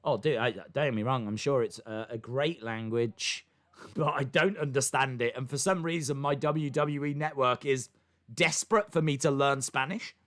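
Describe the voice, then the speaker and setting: A man's voice: medium pitch, moderate pace, fairly bright tone. A young man hosting a live wrestling watch-along, calling the action and reading chat comments aloud. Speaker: wrestling stream host.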